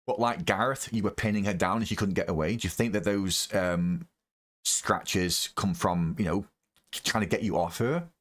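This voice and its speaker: A man's voice: deep voice, normal speed, fairly bright tone. A man doing live reaction commentary, ranting angrily and swearing heavily about the person in the clip. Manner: angry, profane ranting. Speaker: reaction video host.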